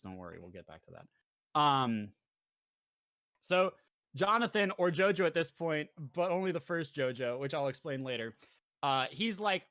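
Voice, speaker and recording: A young man casually recapping a show for his co-hosts, rambling and jokey, slipping into quick character voices. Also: on the high side, very animated, a bit bright, no echo. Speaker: podcast host presenting slides.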